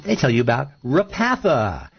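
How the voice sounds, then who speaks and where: Animated husky-voiced man talk host. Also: medium pitch, normal speed, dull audio. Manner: animated, rambling, opinionated. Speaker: radio show co-host. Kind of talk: casual talk show chat.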